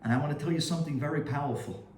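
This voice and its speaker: A man, a rabbi, telling a story in a sermon with animated, dramatic delivery. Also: fairly high pitch, rapid-fire, distant mic, slight background noise. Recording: roomy echo, faint ambience.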